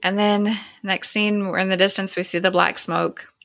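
A woman's voice: mid-range voice, little pitch movement, moderate pace, gravelly, fairly bright tone. A woman casually recapping a TV episode, retelling scenes and quoting the dialogue. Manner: chatty retelling with quoted dialogue.

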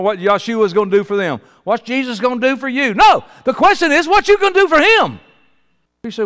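High-voiced preacher in a reverberant hall. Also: male voice. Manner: swings from loud high exclamations to low quiet asides. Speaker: pastor. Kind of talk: sermon.

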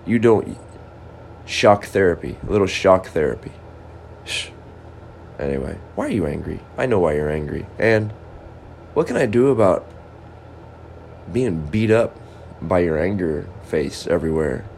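A man's voice: deep voice, lively intonation, measured pace, vocal fry, pauses often, a little mellow, slight background noise. A man and amateur comedian delivering a rambling, improvised monologue, musing aloud in stop-start bursts and scolding things around him.

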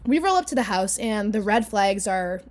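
A woman's voice: medium pitch, big pitch swings, normal speed. A young adult woman co-hosting a podcast, telling a story in a casual chatty way with plenty of "you know" asides. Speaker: podcast co-host. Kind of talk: casual chat.

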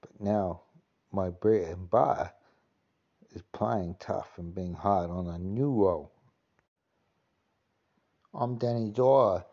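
Man putting on a Cockney tough-guy geezer, low mellow voice, sweary rambling, dull lo-fi sound. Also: slow pace, pauses often. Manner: rambling, sweary, full of filler phrases. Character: swaggering cockney tough-guy geezer, male, middle-aged. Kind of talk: comic celebrity impression.

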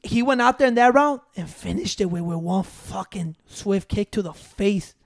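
A man's voice: high voice, normal speed, creaky, no echo, studio quality. A man in casual sports chat, telling stories animatedly with lots of swearing and acted-out quotes, mixing English and Spanish. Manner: animated storytelling, acting out quotes, profanity-laden.

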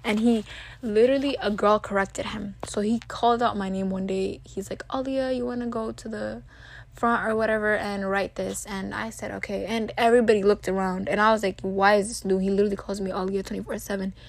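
A teenage vlogger rambles through a personal story to camera, chatty and loaded with "like" and "literally." Her mid-range voice is creaky, fairly quick, and fairly even in intonation.

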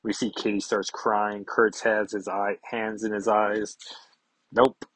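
A man's voice: fairly low pitch, flat delivery, slow pace, slightly rough, no room sound, poor audio. A man hosting a casual podcast, recapping a comic book in a rambling way, with many fillers and self-corrections, on a close microphone. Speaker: podcast host.

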